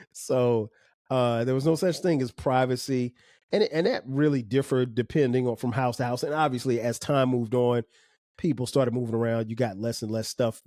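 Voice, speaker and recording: A man in his forties hosting a podcast, telling stories in a relaxed, conversational way with slang and chuckles. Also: mid-range voice, dry recording, clean studio sound. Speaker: podcast host. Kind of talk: casual storytelling monologue.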